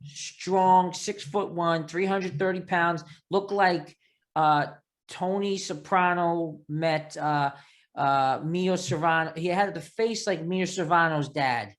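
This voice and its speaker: A man with a thick Long Island New York accent hosting a casual interview, telling stories in a rambling, animated way. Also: on the high side, takes it slowly. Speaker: podcast host.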